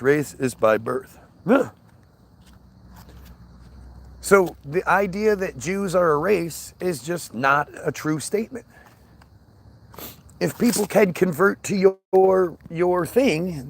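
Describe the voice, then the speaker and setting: A man's voice: high-pitched, measured pace. A man ranting in a casual monologue, swearing often, with frequent stammers and restarts. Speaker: podcast host.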